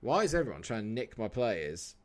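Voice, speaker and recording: Bloke streaming, jokey and chatty, reads out chat names, lowish voice. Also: male voice, sing-song, a little fast. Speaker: live-streamer. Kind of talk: casual live-stream chat.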